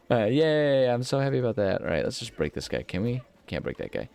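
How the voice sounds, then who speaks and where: A man's voice: mid-range voice, very animated, normal speed, creaky, a little mellow. A man hosting a gaming channel, talking casually over gameplay in a rambling, self-mocking way and humming nonsense syllables now and then.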